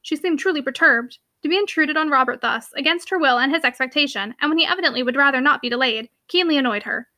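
A woman reading a classic novel aloud as podcast host, in a steady, clear narrating voice. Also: sits high, quick pace, hardly any pauses, no echo. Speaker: podcast host and audiobook reader. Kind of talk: audiobook narration.

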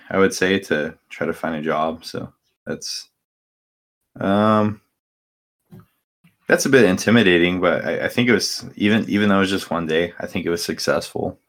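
Young guy with a really low voice, rambly podcast chat, lots of ums. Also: a bit bright. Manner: rambling with many fillers and restarts. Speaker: podcast co-host. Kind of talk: casual chat.

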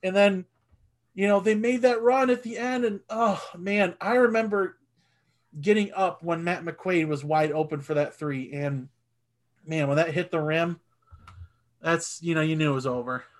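Fired-up guy on a sports podcast, kinda high voice, swears a lot when he gets going. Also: measured pace. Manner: animated, swears, gets loud when excited. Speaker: podcast co-host. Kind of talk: casual sports chat.

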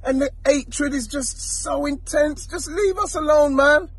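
Passionate football fan ranting. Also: male voice, extremely high pitch, measured pace. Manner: passionate, pleading. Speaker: football fan in a played clip. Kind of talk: impassioned fan rant.

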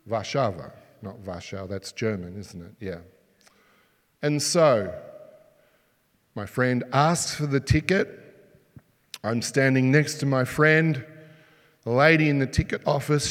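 A man preaching a sermon, telling stories with animated delivery and throwing rhetorical questions at the congregation. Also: mid-range voice, takes it slowly, long pauses. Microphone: sermon mic, mask just taken off. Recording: long hall reverb.

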